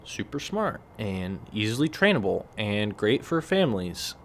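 A man's voice: fairly low pitch, moderate pace, hardly any pauses, slight background noise. Rambling, wry male podcast host. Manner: rambling, wry storytelling with lively acted-out quotes. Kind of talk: casual solo podcast rant. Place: relaxed evening setting with a cigar and beer.

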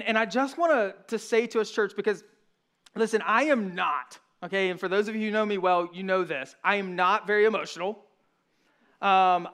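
A man's voice: sits high, a bit bright. A man in his thirties, a pastor, preaching a sermon in an earnest, conversational way with frequent restarts.

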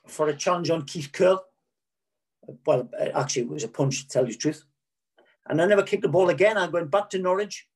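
A middle-aged man, a former footballer, frankly telling rambling anecdotes in an interview, often correcting himself and repeating words. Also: on the high side. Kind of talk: candid anecdotal storytelling.

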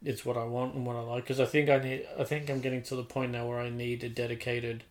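A man's voice: medium pitch, level tone, fast. A man who makes indie films talking casually, laid-back, with lots of "like" and restarts. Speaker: indie filmmaker. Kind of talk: casual chat.

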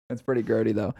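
A man's voice: lowish voice, vocal fry, no room sound. A man hosting a casual podcast, rambling and swearing freely and often breaking into laughter. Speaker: podcast host.

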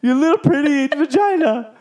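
A man's voice: very high-pitched, lively intonation, moderate pace, darkish tone. A man co-hosting a casual podcast chat, telling a story with lots of laughter, swearing and acted-out voices. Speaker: podcast co-host.

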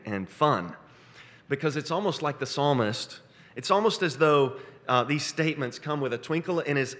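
A man preaching a sermon, animated, breaking into sudden high excited bursts when he acts out quotes. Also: long reverb tail. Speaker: pastor.

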